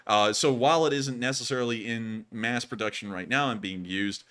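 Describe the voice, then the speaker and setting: A man's voice: medium pitch, normal speed. A man hosting a live news stream, talking casually and mocking critics. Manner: animated, mocks critics in a raised voice. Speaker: host of a war news stream.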